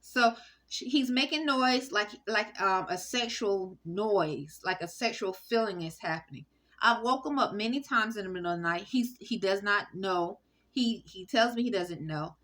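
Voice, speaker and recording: Bright-voiced woman, rambling monologue. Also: mid-range voice, lively intonation. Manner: rambling, halting, with frequent fillers and restarts. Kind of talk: casual spoken monologue.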